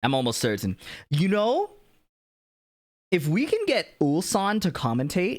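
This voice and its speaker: A man chatting casually on a live stream, animated and laughing, swearing freely as he talks. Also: fairly high pitch, measured pace. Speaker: streamer and video maker.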